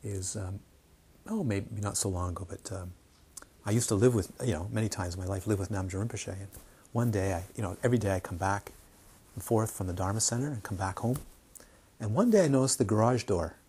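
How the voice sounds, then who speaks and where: A man giving an informal Dharma talk to a small group, telling stories with animated asides. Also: lowish voice, a little fast, slightly rough. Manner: animated storytelling, acts out quoted voices. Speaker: meditation teacher.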